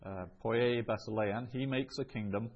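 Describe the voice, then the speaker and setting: A man's voice: mid-range voice, fairly even intonation, normal speed, lo-fi sound. A man teaching a language lesson, reading each phrase twice before translating it, with frequent ums. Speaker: Greek teacher. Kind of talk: slow explanatory language lesson.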